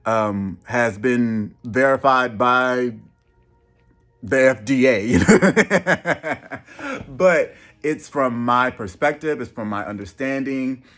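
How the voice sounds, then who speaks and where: A man vlogging casually, stumbling and repeating words with many pauses. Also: medium pitch, fairly bright tone. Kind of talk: casual vlog talk.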